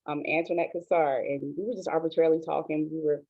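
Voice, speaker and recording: A woman in her forties, a pastor, telling her own story in a soft, hesitant, earnest way, with many pauses and ums. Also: deep voice, fairly even intonation, vocal fry. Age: 40s. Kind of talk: personal testimony on an online show. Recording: tinny phone-like line, dry.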